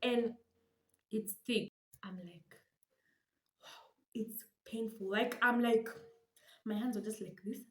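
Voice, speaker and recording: A young Kenyan woman telling a dramatic, animated storytime for her vlog, switching languages with laughing asides. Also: on the high side, a little slow, pauses often, reverberant. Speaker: vlogger.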